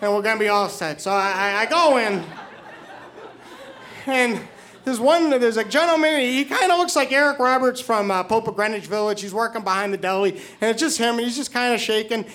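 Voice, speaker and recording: A middle-aged man telling a live story, excitable, stumbling over repeated words. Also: very high voice, a little fast. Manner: excited, stammering repetitions.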